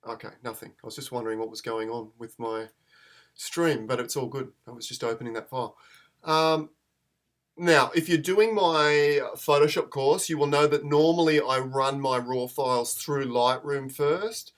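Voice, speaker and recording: A man's voice: mid-range voice, fairly even intonation, moderate pace. A man, chatting in a rambling, self-deprecating way as he hosts a live photo-editing tutorial stream.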